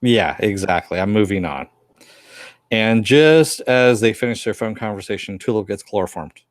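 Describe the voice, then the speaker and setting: A man's voice: on the low side, normal speed, dry recording, studio quality. A man co-hosting a casual review chat, retelling scenes and briefly acting out the characters' lines. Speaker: podcast co-host reviewing a TV episode.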